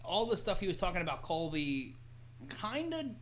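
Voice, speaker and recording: An American man co-hosting a casual live commentary show, talking quickly, laughing often and reading out stats. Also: high-pitched, big pitch swings, fairly bright tone. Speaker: co-host and play-by-play commentator.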